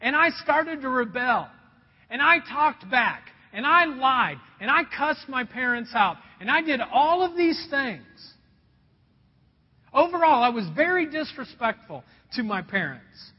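An Indiana pastor delivers a sermon, earnestly sharing a personal story and addressing his listeners as folks. His very high-pitched voice swings widely in pitch, unhurried and with a breathy edge. The sound is dull, with a long hall reverb.

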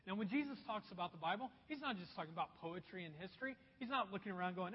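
A man's voice: high voice, expressive, fast talker, husky. A man preaching a sermon as pastor, emphatic and repeating phrases, calling his listeners folks. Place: church sanctuary. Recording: dull echoey church hall recording.

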